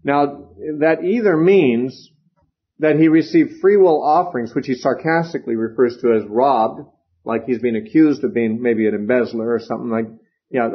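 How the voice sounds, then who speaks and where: Male Bible teacher, conversational lecture style, husky tone, muffled lo-fi recording. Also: mid-range voice, moderate pace. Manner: conversational, with fillers and asides.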